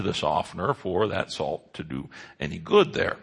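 Gravelly low-voiced man preaching. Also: big pitch swings, normal speed. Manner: earnest preaching with emphatic rises and drops. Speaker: pastor. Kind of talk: sermon.

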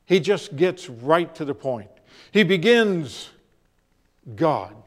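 A man preaching a sermon as pastor, telling stories with deliberate, dramatic pauses. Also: a little high, big pitch swings.

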